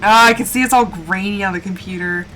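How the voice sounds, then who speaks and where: Talking to herself during a live gameplay stream, a woman speaks fairly quickly in a sharp, medium-pitched voice over game music. There's a little hiss or hum, and she alternates between pleading with the game and hyping herself up.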